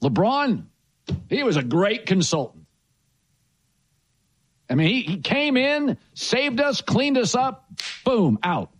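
A man's voice: very high-pitched, big pitch swings, slow pace, long pauses. A man hosting a sports talk show, blunt and emphatic in his opinions.

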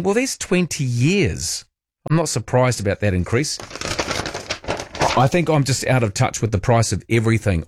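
A man's voice: medium pitch, dry recording, studio quality. A man with a New Zealand accent hosting talk radio, musing aloud in a chatty way and tossing in rhetorical tag questions. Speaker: radio host. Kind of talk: casual talk radio monologue.

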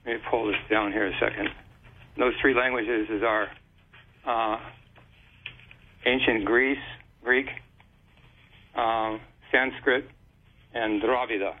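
A man of middling pitch, heard through a thin, phone-like line. He talks at length in a halting, rambling way, full of restarts and filler sounds. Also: steady tone, slight background noise. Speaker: guest. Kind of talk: explaining a theory on a call-in show.

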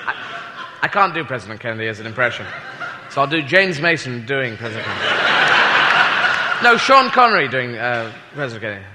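A man's voice: mid-range voice, sing-song, quick pace, pauses often. A male stand-up comedian telling a rambling, self-mocking story with sweary asides. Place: comedy club with audience. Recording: live club recording with long reverb and crowd noise.

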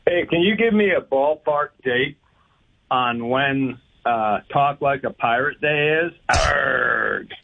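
A man's voice: medium pitch, a little slow. A man calling into a radio show, telling a jokey story with many hesitations. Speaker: caller. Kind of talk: call-in anecdote. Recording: tinny phone line.

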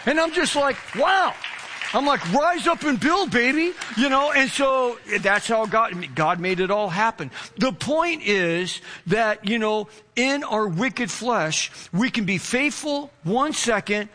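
Male pastor, very high bright voice, animated storytelling sermon. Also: a little slow, hardly any pauses, a little hiss or hum. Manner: animated storyteller, acts out quotes.

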